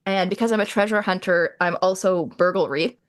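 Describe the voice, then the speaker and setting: A woman's voice: lowish voice, a little fast, dry recording, clean studio sound. A woman co-hosting a tabletop game livestream, chatting casually and explaining rules with examples. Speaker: livestream co-host. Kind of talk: casual chat about tabletop games.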